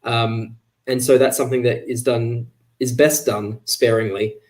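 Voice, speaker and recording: A man's voice: medium pitch, steady tone, a little slow, darkish tone. A man talking casually as an author guest on a livestream, chatty, with many fillers and restarts, over a video call.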